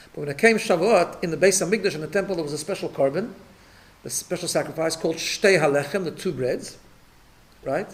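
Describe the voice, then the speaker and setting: Rabbi giving a Torah class, fairly high voice, explains patiently, repeats words on restarts. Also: male voice. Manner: explanatory, checks in with listeners. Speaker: rabbi teaching a weekly class.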